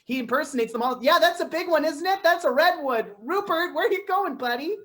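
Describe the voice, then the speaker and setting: A woman's voice: sits high, expressive, a little fast, fairly bright tone. A woman playing an overly friendly, tree-loving rally mom in an improv comedy scene. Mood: gushing.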